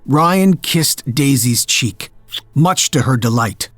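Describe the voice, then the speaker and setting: A man narrates a horror tale in a slow, measured, darkly dramatic tone. His voice sits close and dry, with faint music underneath. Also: mid-range voice, animated, no echo.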